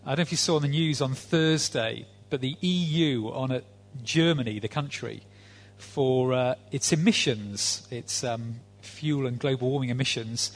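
A man's voice: medium pitch, normal speed, soft background music. Male preacher, conversational sermon delivery, dry humor. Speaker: visiting preacher.

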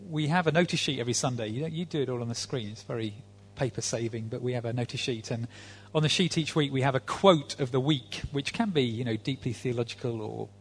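A man's voice: medium pitch, fast talker, few pauses, slight background noise. A man, a visiting preacher giving a sermon in a conversational, dry-humored way with frequent fillers.

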